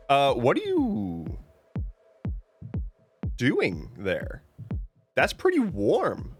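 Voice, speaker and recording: A man's voice: fairly high pitch, huge pitch swings, very slow, long pauses, soft background music. A man chatting casually on a live stream, joking playfully and reading viewer messages aloud.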